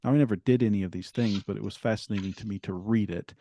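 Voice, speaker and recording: A middle-aged man, a guest author, telling his story in an interview in an earnest, halting way with frequent restarts. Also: fairly low pitch, mellow, slight background noise.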